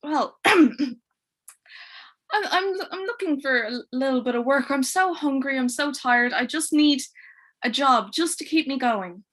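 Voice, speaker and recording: A woman's voice: high voice, expressive, unhurried, a bit bright. A woman voicing a weary, starving, kind male wolf who asks for work in a hesitant, pleading way.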